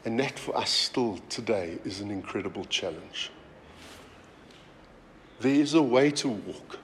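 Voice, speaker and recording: A man preaching a sermon as pastor, talking in a conversational, animated way with many asides. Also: on the low side, unhurried, a little hiss or hum. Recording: roomy hall reverb, faint ambience.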